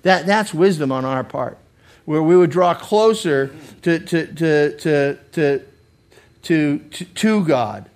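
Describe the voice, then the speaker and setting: A man's voice: fairly high pitch, slow pace. A male pastor preaching a Bible study sermon in an earnest way, often repeating words as he restarts. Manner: acts out quoted speakers with sudden loud lines.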